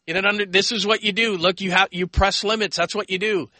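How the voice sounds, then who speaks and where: Hosting call-in sports radio, an American man speaks in a high, very bright voice with fairly even intonation. He talks fast in bursts, rambles, and acts out the people he quotes, and the recording is close and dry.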